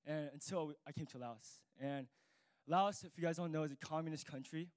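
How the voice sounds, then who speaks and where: A man's voice: on the high side, fairly quick, no room sound. Rambling jet-lagged young man. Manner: casual, rambling, emotional. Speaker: church member reporting on mission trip. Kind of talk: spoken testimony.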